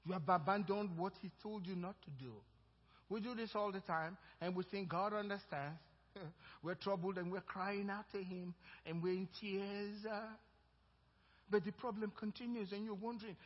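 Husky high-voiced preacher in a reverberant hall. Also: male voice, moderate pace. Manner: storytelling, then rising to loud fervent exhortation. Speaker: pastor. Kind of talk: sermon. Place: church sanctuary. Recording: dull lo-fi church recording with long reverb.

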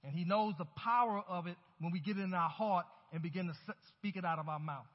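A male pastor delivers a sermon, rising in emphasis as he calls on his congregation to answer back. His voice sits high and carries some huskiness. The recording is muffled and dull, with a long reverb from the sanctuary. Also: fast. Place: church sanctuary. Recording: dull, hollow-sounding church recording.

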